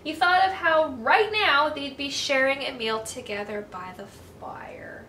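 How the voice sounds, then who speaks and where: A woman reading a picture book aloud to children in an animated way, asking her listeners questions as she goes. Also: sits high, moderate pace. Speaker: children's storyteller. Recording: echoey room, distant mic, faint hiss.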